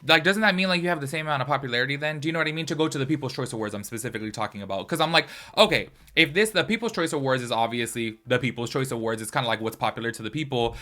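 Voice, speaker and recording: A man's voice: mid-range voice, very fast, few pauses, sharp tone. A man talking casually to camera as a commentary host, rambling with lots of fillers. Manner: chatty, rambling, lots of fillers like "like" and "do you know what I mean". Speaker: commentary YouTuber.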